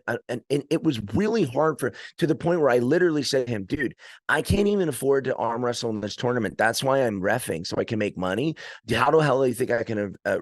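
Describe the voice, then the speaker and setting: A man with a low-pitched voice tells rambling, animated stories in a casual podcast chat. He often restarts his sentences. The sound is dry and close, with no room echo. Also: vocal fry. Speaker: arm wrestler and trainer, podcast guest.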